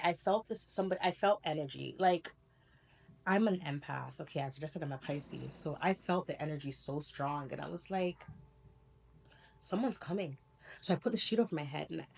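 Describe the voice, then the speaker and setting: Woman vlogger, young adult, low-ish voice, rambling and animated, laughs a lot while telling her story. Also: vocal fry. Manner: rambling, animated, laughs often, self-correcting. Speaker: spiritual vlogger. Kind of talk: casual storytelling to camera.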